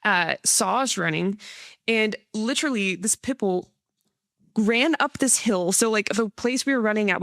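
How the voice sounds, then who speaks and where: A woman's voice: medium pitch, creaky, fairly bright tone, dry recording, studio quality. A woman hosting a podcast, telling a story in a rambling, casual way with lots of fillers. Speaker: podcast host. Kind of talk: casual interview chat.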